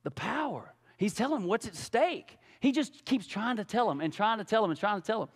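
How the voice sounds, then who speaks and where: A man preaching a sermon as pastor, animated and casual, full of rhetorical questions. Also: sits high, a little fast, in a large hall. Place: church sanctuary.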